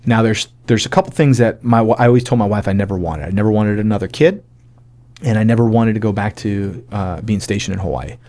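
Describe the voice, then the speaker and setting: A man in his forties shares his personal testimony as a podcast guest, speaking in a fairly low voice. He tells the story casually and animatedly, slipping into the voices of the people he quotes. His talk is loose and full of fillers. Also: fast talker. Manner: animated, acts out quoted dialogue; casual, many fillers like "like" and "you know". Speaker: podcast guest, army sergeant major.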